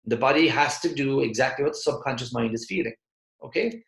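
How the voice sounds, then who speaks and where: A man's voice: medium pitch, expressive, fairly quick, gravelly, a bit bright. A man giving a motivational sales talk in an emphatic, repetitive way, now and then acting out other people's voices. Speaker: motivational speaker. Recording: echoey room.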